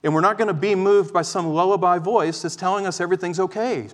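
Man, preacher, high voice, impassioned, pleading, sermon in a church with long reverb. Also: fast talker. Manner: impassioned, pleading, swings from loud exhortation to quiet explanation. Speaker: pastor.

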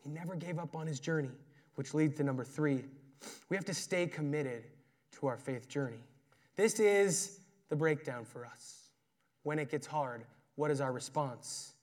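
A man preaching a sermon in a conversational, earnest way, moving between emphatic and quiet passages. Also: a little high, normal speed. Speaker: pastor.

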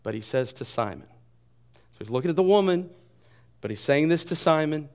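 A man preaching a sermon, animated and joking at himself, dropping to a soft voice when he quotes. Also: a little high, a little fast. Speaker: pastor.

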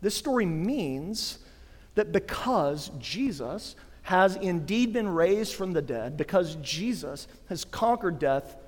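A man's voice: high-pitched, lively intonation, takes it slowly. A man in his thirties, a pastor preaching an emphatic Easter sermon in a church. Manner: emphatic preaching, swelling to forceful declarations. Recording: long hall reverb.

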